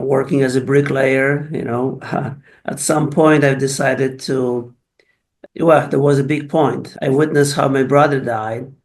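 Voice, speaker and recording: A man's voice: mid-range voice, a little mellow. A middle-aged man with a Polish accent, a physical therapist telling his life story in an interview, often restarting and repeating words as he recalls events. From Poland.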